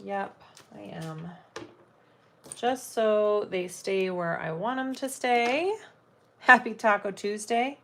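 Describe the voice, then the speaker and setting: A woman hosts a live sewing stream, thinking aloud as she works and chatting casually with viewers. She speaks slowly with lively intonation at a medium pitch, pausing often, and the audio has a little hiss or hum.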